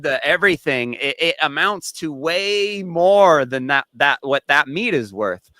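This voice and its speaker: A man hosts a casual podcast, his voice bright and forward. He rambles through animated stories, stumbling and restarting as he goes, with plenty of casual swearing. The sound is dry, with no room around it. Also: medium pitch, smooth, no echo. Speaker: podcast host.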